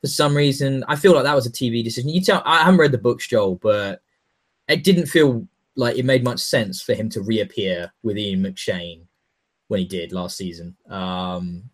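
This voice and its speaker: A man's voice: fairly low pitch, moderate pace. A man co-hosting a casual chat, rambling and swearing, often repeating words as he gathers his thoughts.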